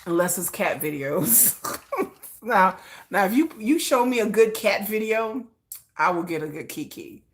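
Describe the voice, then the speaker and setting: A woman's voice: mid-range voice, big pitch swings, unhurried. A middle-aged woman hosting a casual livestream, chatting bluntly with viewers, swearing freely and laughing often. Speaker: livestream host.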